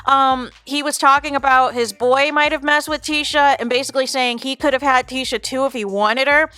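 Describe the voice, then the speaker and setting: A woman's voice: high-pitched, bright, forceful tone, no room sound. A woman hosting a reality-TV reaction channel, chatting casually to viewers and calling them "you guys". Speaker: YouTube reaction host.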